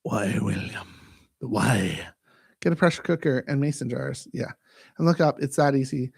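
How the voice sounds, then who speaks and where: A man hosting a casual live-stream chat, jokey and animated and given to breaking into silly voices. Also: mid-range voice, a little fast, vocal fry. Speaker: host.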